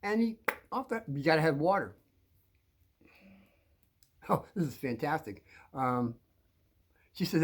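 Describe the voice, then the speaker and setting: An older man telling a rambling personal story, halting with many restarts and chuckles. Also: fairly high pitch, lively intonation.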